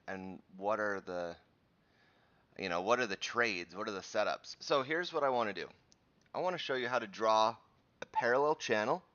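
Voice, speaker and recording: A man in his thirties hosts a live morning stream, talking to viewers in a loose, rambling way full of restarts. His voice sits low but sounds bright and forward. The audio is dull and lo-fi, like a stream mic. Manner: chatty, rambling, frequent restarts and fillers. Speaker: host of a live crypto chart show. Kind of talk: casual live-stream chat and chart teaching.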